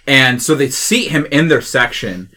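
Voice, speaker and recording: A man's voice: mid-range voice, lively intonation, bright, forceful tone. A man playing a tabletop game, talking casually with fillers. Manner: quick, casual, hesitant fillers. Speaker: player.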